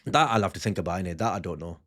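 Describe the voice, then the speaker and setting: This English comedian, co-hosting a podcast in a family home, has a low voice and races through his words. His comic banter comes as lively storytelling in which he performs different voices.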